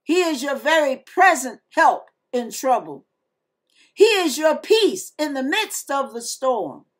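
A woman's voice: high-pitched, big pitch swings, takes it slowly. A woman giving a fervent devotional sermon online, reading scripture aloud and talking directly to her listeners. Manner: fervent, emphatic, breaks into gospel singing; addresses listeners as y'all and you guys. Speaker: online preacher.

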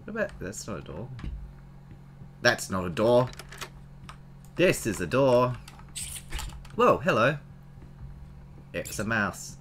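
A man narrating his own playthrough in a casual, chatty way, his voice leaping wildly up and down as he exclaims at each discovery. His tone is bright and sharp, and he talks straight to his viewers. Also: mid-range voice, sing-song, slow, long pauses, slight background noise. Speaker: let's play gamer. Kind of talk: casual game commentary.

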